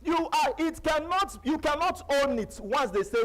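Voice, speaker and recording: A man with a Nigerian accent giving a live seminar talk, emphatic and repetitive, jumping between loud bursts and quiet asides. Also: extremely high pitch, animated, normal speed, low-quality recording. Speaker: seminar speaker. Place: seminar venue.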